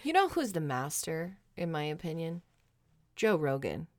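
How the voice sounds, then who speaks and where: A woman's voice: low-pitched, very animated, measured pace, no echo, clean studio sound. A woman co-hosting a podcast, chiming in casually with agreement and her own opinions. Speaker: podcast co-host. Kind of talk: casual chat.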